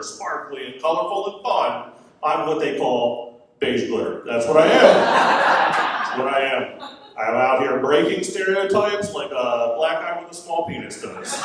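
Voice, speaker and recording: A man's voice: medium pitch, heavy background noise. A man in his forties doing a stand-up comedy set on stage, chatty and self-mocking with rambling asides. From Florida. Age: 40s. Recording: roomy venue sound from a distance. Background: audience laughter.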